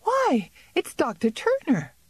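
A woman's voice: mid-range voice, very animated, measured pace, mellow, husky, dry recording, full character voice. A woman reading the part of an eager, anxious young woman who speaks impulsively, in an audiobook.

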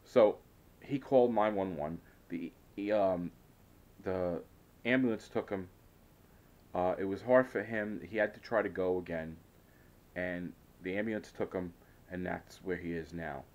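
A man's voice: low voice, measured pace, darkish tone, dull audio. A man telling a rambling, hesitant story in a casual vlog, often frustrated and full of restarts. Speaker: vlogger.

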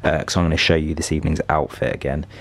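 A man's voice: rumbling low, fast. Chatty young guy touring a hotel room. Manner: chatty, upbeat, relaxed. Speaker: vlogger. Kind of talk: casual vlog hotel tour.

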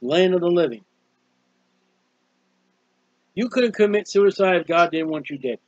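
A man's voice: high voice, animated, brisk, dry recording, dull audio. A man preaching an informal sermon on a psalm, earnest and conversational, often repeating himself. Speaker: street preacher.

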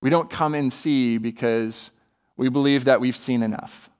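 A man's voice: mid-range voice, measured pace, clear, resonant tone. A man preaching a sermon as a pastor, earnest and acting out quoted voices. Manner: earnest, builds to animated, acts out quoted voices.

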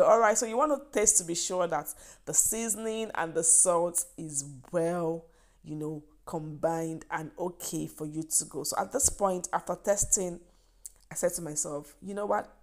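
Nigerian-accented woman, slightly low voice, cooking vlogger, chatty, encouraging, emphatic. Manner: chatty and encouraging, repeats "yes" and "trust me". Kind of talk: cooking demonstration.

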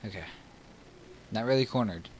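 A man with a Southern US accent doing let's play commentary on his own gaming channel, muttering low and breaking into excited or frustrated outbursts. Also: moderate pace, a little hiss or hum, poor audio.

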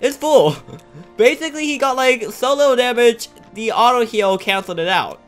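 A man giving excitable, trash-talking commentary over his own gameplay as a gaming YouTuber. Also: very high voice, moderate pace, faint music behind.

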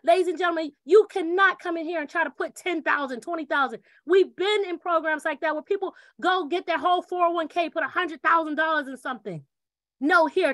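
In a dry, close recording, a woman with a very high, bright voice gives a lively sales pitch for a referral program. She acts out rapid back-and-forth scenes and keeps repeating her catchphrases with lots of energy.

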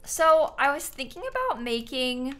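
Animated yet unhurried, a young woman speaks in a fairly high, bright, forceful voice. She's livestreaming a game, chatting casually and thinking aloud as she goes. She yawns, sleepy, while thanking her viewers.

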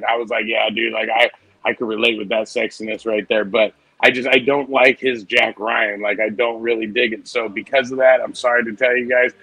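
A man's voice: medium pitch, pushed and bright, no echo, poor audio. A man co-hosting a casual movie podcast, talking in a rambling, profane, enthusiastic way. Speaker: podcast co-host.

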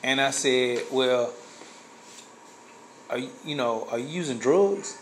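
A man's voice: mid-range voice, takes it slowly, slight background noise, low-quality recording. A man casually telling a personal story, rambling with many fillers and restarts. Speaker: guest sharing a testimony.

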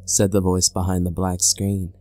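A man narrating a scary story in a measured, scripted storytelling delivery. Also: low voice, completely flat delivery, dark tone, dry recording, clean studio sound, faint music behind.

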